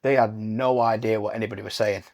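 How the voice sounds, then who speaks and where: A man's voice: fairly low pitch, steady tone, fast talker, slight background noise. A man from Barnsley with a broad Yorkshire accent, co-hosting a podcast, chatting casually, telling stories and laughing often. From Barnsley, England. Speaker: podcast co-host. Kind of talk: casual chat.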